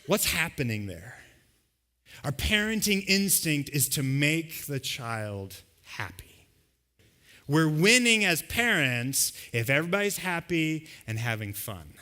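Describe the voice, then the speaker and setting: Sex: man. Role: pastor. Style: conversational sermon. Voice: fairly high and very bright. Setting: church service. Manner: conversational, acts out everyday scenes. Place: church service with a live congregation.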